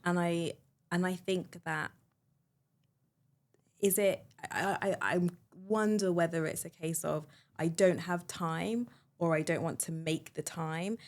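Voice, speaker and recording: A woman hosting a podcast, a mother telling a personal story in a chatty, animated way. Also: lowish voice, slow pace. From United Kingdom. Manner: chatty, animated storyteller, many fillers and restarts. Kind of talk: conversational storytelling.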